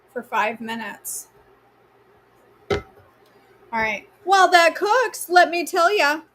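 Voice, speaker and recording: A woman's voice: high-pitched, noisy background. Chatty woman with a Maine accent. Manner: chatty, teasing, answers viewers by name. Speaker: host of a live cooking stream. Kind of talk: casual live-stream chat.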